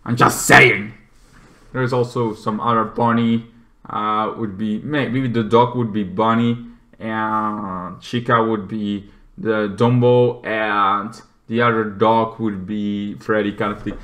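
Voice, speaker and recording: A man reviewing a movie in a rambling, casual way, restarting often and breaking into loud acted-out shouts. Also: lowish voice, flat delivery, slow pace.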